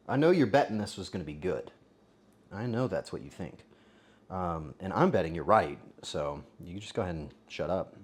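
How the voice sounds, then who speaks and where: A man streaming casually while cooking and tasting, joking crudely and bursting into loud exclamations. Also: deep voice, sing-song, fairly quick. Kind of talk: casual cooking livestream chatter.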